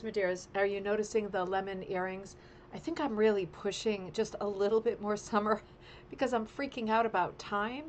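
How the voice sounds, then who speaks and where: A woman's voice: lowish voice, slight background noise. A middle-aged woman hosting a casual craft livestream from home, chatty and playful as she greets viewers. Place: home, sitting at a table. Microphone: webcam livestream.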